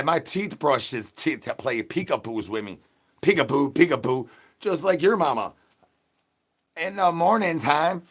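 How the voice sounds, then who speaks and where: A man hosting a livestream, rambling nonsense and chanting the same catchphrases at his chat, dropping to a mumble and then bursting out louder. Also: mid-range voice. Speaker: livestream host. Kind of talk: absurd livestream banter.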